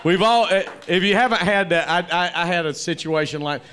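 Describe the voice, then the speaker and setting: A man hosting a live comedy interview, rambling and animated as he acts out quoted voices. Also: high voice, a little fast, slight background noise. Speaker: interview host, comedy club owner.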